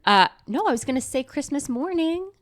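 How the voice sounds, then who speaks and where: A young woman from the Northeast US, co-hosting a podcast in casual chat, chatty and quick to laugh. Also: high voice, dry recording, studio quality. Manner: chatty, giggly, animated storyteller. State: pregnant. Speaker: podcast co-host.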